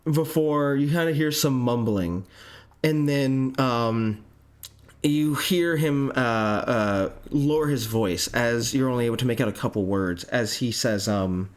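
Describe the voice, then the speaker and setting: A man narrating a tabletop game as game master, halting with frequent ums and throat clearing. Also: mid-range voice.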